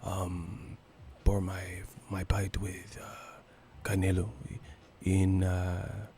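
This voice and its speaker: A man impersonating a soft-spoken male boxer, whispering and mumbling in halting fragments. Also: low voice, completely flat delivery, slight background noise, voice pushed down, heavily acted.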